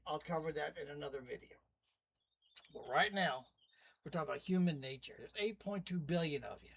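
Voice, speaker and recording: A man's voice: a little high, poor audio. A man talking casually to camera in a wry, rambling monologue, styling himself a demon host. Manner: chatty, wry, rambling asides. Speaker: vlogger playing a demon narrator.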